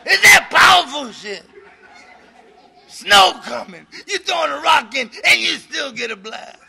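High, gravelly middle-aged man preaching recovery. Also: animated, a little slow, some chatter behind. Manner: exhorting, shouting to the room, breaking into laughter. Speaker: speaker at a recovery meeting. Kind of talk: fiery preaching-style recovery talk.

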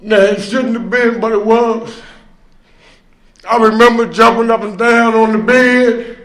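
A man with a high, bright voice shares his recovery story at a meeting, unhurried and full of fillers. He tells it like a storyteller, breaking into loud emphatic bursts and rueful laughs. The sound is roomy and echoey, as in a meeting room. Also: steady tone. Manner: drawn-out, conversational, with many fillers. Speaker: speaker sharing at a recovery meeting. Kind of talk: personal recovery testimony.

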